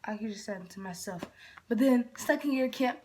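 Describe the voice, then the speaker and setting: A young woman from Michigan telling a story in a casual vlog, rambling, often dropping to a whisper and jumping up in pitch when she quotes herself. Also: fairly quick, darkish tone, slight background noise. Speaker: vlogger.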